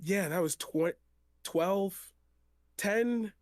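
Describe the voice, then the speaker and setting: A man's voice: sits high, extremely slow, a little mellow, dry recording, studio quality. A young man, a poet guest on a stream, casually telling a rambling personal story, laughing and swearing freely.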